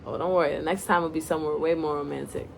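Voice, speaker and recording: A woman's voice: low voice, steady tone, racing, vocal fry, slight background noise. A woman voicing a playful, cocky young man who teases his girlfriend on a video call. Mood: teasing.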